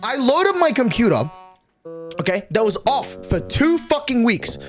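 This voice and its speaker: A nineteen-year-old streamer, talking casually to a livestream audience. The voice swings widely up and down as the rants get animated and exasperated, peppered with swearing. Faint music plays underneath. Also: mid-range voice, moderate pace. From Australia.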